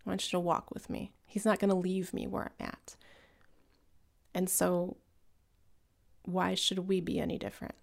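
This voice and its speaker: A woman's voice: on the low side, completely flat delivery, normal speed, gravelly, long pauses. A woman co-hosting a faith-based conversation, talking in an earnest, reflective way.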